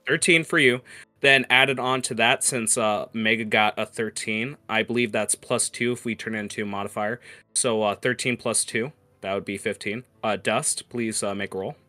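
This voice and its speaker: A man's voice: fairly low pitch, fairly even intonation, normal speed, sharp tone, dry recording. A man narrating as game master of a tabletop game, hesitant with many fillers.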